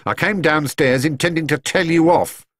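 A man's voice: on the high side, moderate pace, fairly bright tone, voice pushed up. A man voicing a grumpy, suspicious older neighbour who barks and grumbles at a young bear. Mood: grumbling. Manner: gruff, barking, suspicious.

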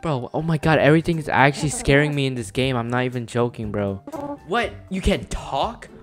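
A man's voice: mid-range voice, quick pace, faint music behind. A man doing casual horror game commentary, with jumpy, exclamatory slang. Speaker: gaming video creator.

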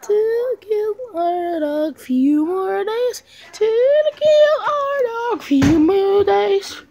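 A woman voicing a shrill, scheming girl with a sing-song, drawn-out delivery. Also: animated, creaky, warm tone, no room sound, full character voice. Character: shrill scheming girl who threatens the dog. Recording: crowd noise behind.

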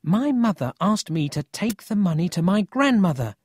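A man voicing an upset young boy who speaks high and insistently, pleading to be believed. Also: big pitch swings, normal speed, a little mellow, slightly rough, no echo, studio quality, full character voice.

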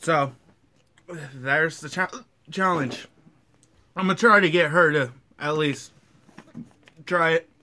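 A man's voice: a little high, takes it slowly, long pauses, bright, forceful tone. A man casually chatting on camera at home while he eats spicy food, with hiccups between his lines. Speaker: vlogger eating hot sauce.

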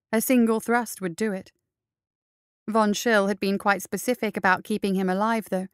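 A woman narrating an action story in a steady, measured reading. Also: mid-range voice, clean tone, no room sound, clean studio sound.

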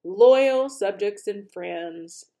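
Storybook king: self-important, loud proclaimer, voiced by a woman reader, slow and grand. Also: medium pitch, lively intonation. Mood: commanding. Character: commanding male king, blustering and self-important.

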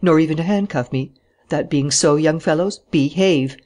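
A reader doing a self-assured gentleman thief in an audiobook, ceremonious and mocking. He stays grandly polite while teasing everyone around him. The pitch sits in a middle register. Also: moderate pace, lightly acted. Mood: jaunty mocking. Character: jaunty gentleman thief, adult man, supremely confident. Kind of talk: audiobook character voice.

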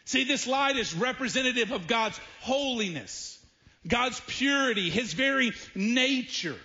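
A pastor with a Southern US accent preaching a sermon in a church, speaking emphatically and slowing down to stress key phrases. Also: male voice, extremely high pitch, expressive, bright, forceful tone, dull audio. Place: church sanctuary.

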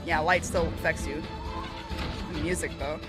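A woman's voice: deep voice, steady tone, normal speed. A woman chatting casually as she reacts to a cartoon episode, rambling with fillers and restarts. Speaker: reaction video host. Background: show audio with music.

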